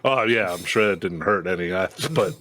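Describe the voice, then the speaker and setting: A man's voice: low-pitched, normal speed, fairly bright tone, no room sound. A man playing a tabletop game, joking and laid-back in casual chat. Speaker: player.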